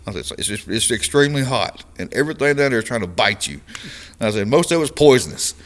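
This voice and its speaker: A man from Louisiana with a Cajun accent, speaking in a fairly low voice. He tells stories in relaxed chat with lots of repeated words and easy laughter. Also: fast talker, creaky. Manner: drawling storyteller, repeats words, laughs often. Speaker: guest trucker. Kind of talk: casual chat.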